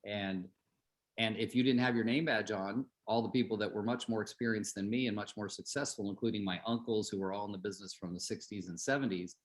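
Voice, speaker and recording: A middle-aged man coaching real estate agents on a group call, chatty, telling stories and asking the group questions. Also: fairly low pitch.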